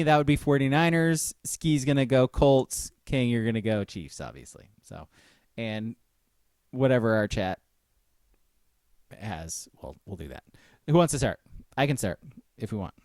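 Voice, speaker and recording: A man's voice: medium pitch, darkish tone, dry recording, clean studio sound. A man co-hosting a sports podcast, wry and teasing as he runs the segments in casual chat. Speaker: podcast co-host.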